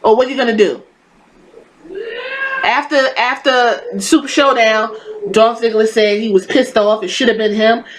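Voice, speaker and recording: A woman's voice: fairly high pitch, steady tone, moderate pace, long pauses, slight background noise, poor audio. A woman hosting a podcast, giving a casual wrestling review in a blunt, profane, exasperated and sarcastic rant. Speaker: podcast host.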